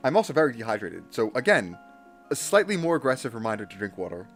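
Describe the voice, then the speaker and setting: A man chatting casually on a live stream while practicing Japanese kana, self-deprecating and nervously energetic. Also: mid-range voice, quick pace, soft background music. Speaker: livestreamer studying Japanese kana.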